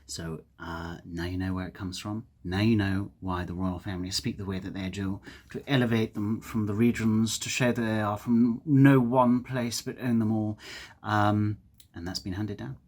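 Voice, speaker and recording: A man's voice: fairly low pitch, steady tone, moderate pace, a little mellow. A man with a Received Pronunciation accent, from England, rambling casually and reflectively with lots of ums and uhs. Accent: English Received Pronunciation. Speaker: vlogger. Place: outdoors on a dog walk.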